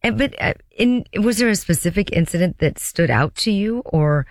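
A woman's voice: lowish voice, animated, moderate pace, no echo, studio quality. A woman hosting a radio talk show, attentively interviewing her guest with brief acknowledgements and questions.

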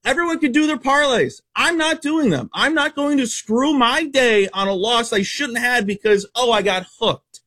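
A man working as a sports betting analyst, rattling off baseball stats quickly and bluntly on a radio show. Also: very high-pitched, animated, sharp tone. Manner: rapid stat-heavy, emphatic and blunt.

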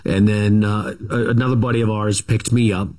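A man's voice: on the low side, flat delivery, normal speed, darkish tone. A middle-aged man, a guest author in an interview, recounts his family history casually, with many fillers, restarts and self-corrections.

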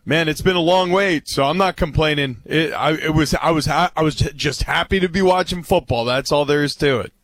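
A man co-hosting a sports talk show, relaxed and chatty, with halting starts. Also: on the high side.

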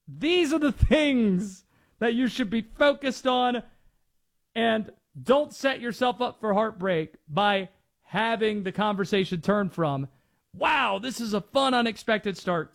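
High, lively sports radio host man. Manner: animated, quick, jokey and self-deprecating. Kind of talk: energetic sports radio talk.

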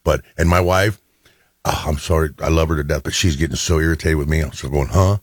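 A man's voice: very deep voice, fairly even intonation, quick pace, husky, no echo, clean studio sound. A middle-aged man hosting a radio show, chatting casually and telling little stories, often doing other people's voices. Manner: chatty storyteller, quotes people in changed voices. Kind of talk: casual on-air banter.

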